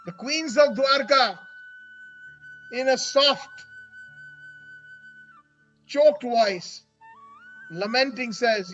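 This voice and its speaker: A man's voice: very high-pitched, wildly swooping pitch, drawn-out words, long pauses, a bit bright. A man delivering a devotional story sermon as a religious storyteller, earnest and dramatic. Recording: dull lo-fi with faint music.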